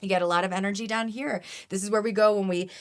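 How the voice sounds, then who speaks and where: A woman's voice: medium pitch, fairly even intonation, fast talker. A woman energy healer as a podcast guest, explaining in an earnest, teaching way with frequent restarts. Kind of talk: podcast interview.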